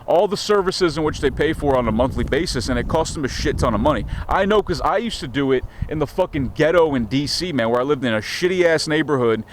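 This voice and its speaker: A man's voice: a little high, animated, fairly quick, hardly any pauses, slight background noise. A man from the United States talking casually to a handheld camera outdoors in a rambling, profane, stammering rant. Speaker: vlogger. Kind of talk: casual vlog monologue. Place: outdoors in a small town street.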